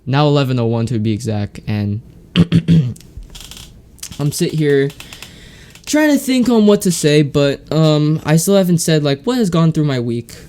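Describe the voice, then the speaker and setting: A man's voice: a little high, very animated, unhurried, pauses often, mellow, clear, resonant tone. A teenage boy hosting a podcast alone, rambling in casual chat with lots of fillers and restarts, sounding congested from a sore throat. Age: teens. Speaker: podcast host. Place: home, alone.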